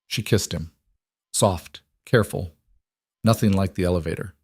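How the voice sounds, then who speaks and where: A man narrating a story in a slow, measured way. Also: deep voice, darkish tone, breathy edge, dry recording. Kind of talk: scripted narration.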